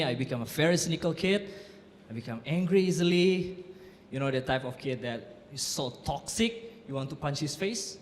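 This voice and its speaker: A young man with an Indonesian accent doing a stand-up comedy set, telling dark jokes with deadpan timing. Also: normal speed, slight background noise. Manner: deadpan delivery of dark jokes, lively swings in pitch. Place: comedy club stage before a laughing audience. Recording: roomy club echo with audience laughter.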